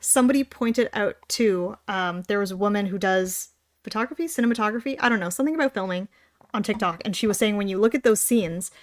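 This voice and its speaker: A young Canadian woman co-hosting a podcast, talking casually with quick tangents and sarcastic asides. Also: medium pitch. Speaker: podcast co-host. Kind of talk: casual chat.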